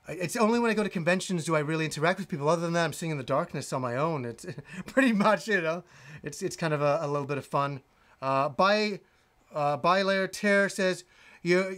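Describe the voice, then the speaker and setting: Chatty male streamer, slightly high voice. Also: a bit bright. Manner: reads viewer chat aloud, halting with many restarts. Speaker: host. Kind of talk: casual live stream chat.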